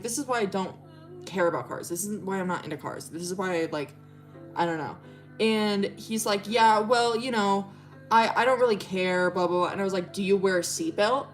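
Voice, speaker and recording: Animated young woman, profane storytime. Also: mid-range voice. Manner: animated, profane, bursts of shrieking laughter. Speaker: streamer. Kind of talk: casual storytime chat.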